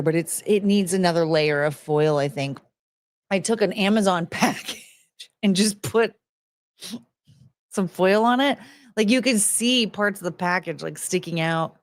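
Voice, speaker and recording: A woman in her forties chatting casually on a livestream, rambling and excitable, swearing freely, with sudden loud outbursts. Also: fairly low pitch. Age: 40s. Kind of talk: casual livestream chat reading viewer messages.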